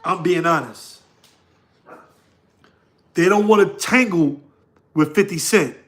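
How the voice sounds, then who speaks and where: A man's voice: on the high side, slow, fairly bright tone. A man with a New York accent hosting a casual livestream, laughing often and talking slangily to his chat. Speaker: livestream host.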